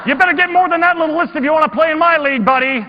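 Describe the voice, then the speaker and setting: A man voicing a brash, boastful man who shouts out his own troubles. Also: very high-pitched, racing, pitched above the performer's own voice. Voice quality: shouting, mock-competitive bragging. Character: brash loud middle-aged man, gruffly boastful. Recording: echoey hall, dull lo-fi sound with hum.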